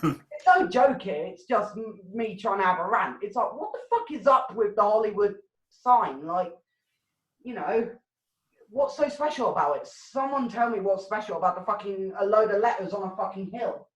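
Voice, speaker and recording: Brief: woman MC, rambling sweary rants, middle pitch, roomy home video-call sound. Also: lively intonation, moderate pace. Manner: sweary, ranting, laughs at own jokes. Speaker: comedy show MC. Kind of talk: casual rambling stand-up hosting.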